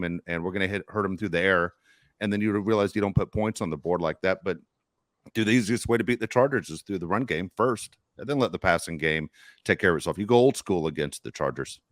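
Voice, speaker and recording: A middle-aged man hosting a sports podcast, telling stories in casual, animated chat. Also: fairly low pitch, fairly quick, no room sound, studio quality. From Los Angeles area. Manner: storytelling, animated, swears casually. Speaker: podcast host.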